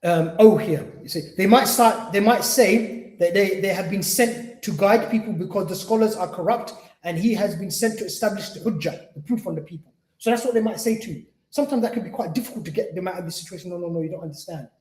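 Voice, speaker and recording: A male Islamic teacher lecturing in an echoey centre hall. He talks quickly in a mellow, slightly high voice, keeping it conversational and acting out short exchanges. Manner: conversational, acts out dialogues, repeats "you see". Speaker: Islamic teacher and spiritual healer. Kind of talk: mosque lecture.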